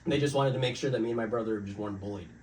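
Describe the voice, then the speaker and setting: A young man who grew up in Dubai and moved to Canada, an actor guest chatting casually on a podcast with a relaxed, rambling manner full of fillers. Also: lowish voice, very fast, far from the mic, slight background noise. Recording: roomy sound from off mic with faint ambience.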